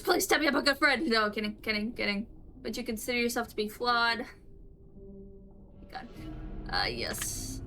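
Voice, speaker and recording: A woman with a Southern US accent streams live, reading quiz questions and answering them off the cuff. Her voice sits a bit high and sounds very bright, and she talks in a halting, rambling way, restarting and trailing off into asides. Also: slight background noise, rough recording.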